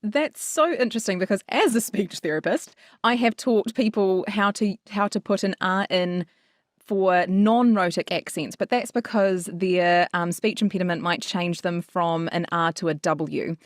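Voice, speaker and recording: A woman's voice: lowish voice, dry recording. New Zealand woman, speech-therapist co-host, casual and agreeable, dry close mic. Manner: quick, agreeable, many "yeah"s. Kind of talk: casual chat.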